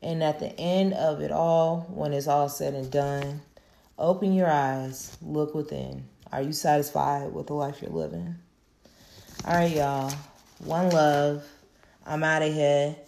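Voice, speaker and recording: A woman's voice: sits low, fairly even intonation, unhurried, creaky, mellow. A woman hosting her own podcast, wrapping up a solo episode in a laid-back, profane, affirming way. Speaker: podcast host. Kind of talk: casual solo podcast wrap-up.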